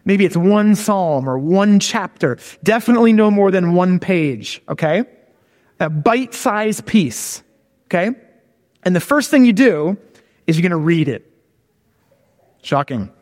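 Guy preaching, chatty, keeps saying okay? and all right?, fairly high voice, long echo like a big hall. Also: lively intonation, unhurried, long pauses, darkish tone. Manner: conversational, repeats "okay?" and "all right?" to check in. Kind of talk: sermon.

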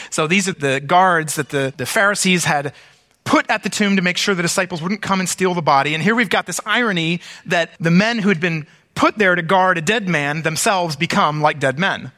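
Male pastor, sermon, higher voice with a bright edge, chatty asides between scripture readings. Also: moderate pace, in a large hall.

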